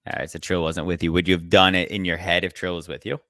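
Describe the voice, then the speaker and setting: A man's voice: low voice, little pitch movement, quick pace, a bit bright, no echo, studio quality. A young man co-hosting a podcast, chatting casually, telling stories and swearing freely. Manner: loose, swearing, storytelling banter. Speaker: podcast co-host.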